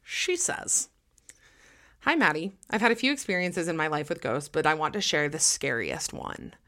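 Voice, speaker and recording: A young woman hosting a podcast, chatting casually and reading listener stories aloud in an excitable way, full of "like". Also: deep voice, brisk. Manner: excitable, heavy use of "like". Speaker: podcast host.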